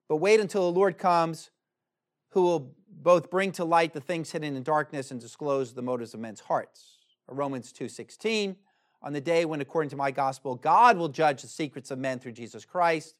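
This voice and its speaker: A man preaching a sermon to his congregation, emphatic, reading scripture aloud and asking rhetorical questions. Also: fairly high pitch. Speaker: pastor.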